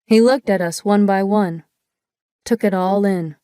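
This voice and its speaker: A woman narrates a first-person audiobook in a measured, descriptive way. Her voice is mid-pitched for a woman and sounds close and dry on a studio mic, with no room echo. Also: dark tone, smooth.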